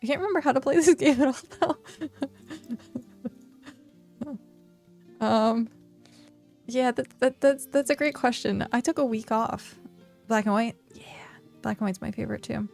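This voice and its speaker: A woman's voice: on the high side, unhurried, creaky, long pauses, darkish tone, faint music behind. A woman streaming a game, chatting casually, talking to herself and reading chat aloud. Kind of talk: casual live-stream chat while gaming.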